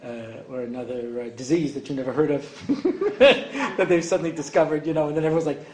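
A man's voice: fairly high pitch, quick pace, dark tone. An older man giving an evening lecture to an audience, rambling and joking with many asides. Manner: rambling and joking, heavy on "you know". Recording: echoey room, faint ambience.

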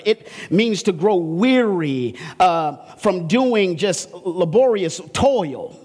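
A man with a notably high-pitched voice delivers a sermon from the pulpit. He swings between soft, low explanation and fervent, climbing refrains. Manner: impassioned preaching, rising in pitch on repeated refrains. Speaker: pastor.

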